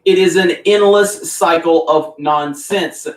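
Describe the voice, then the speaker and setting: A man's voice: on the high side, slow. A man delivering scripted political commentary in a firm, dismissive tone. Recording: roomy echo, distant mic.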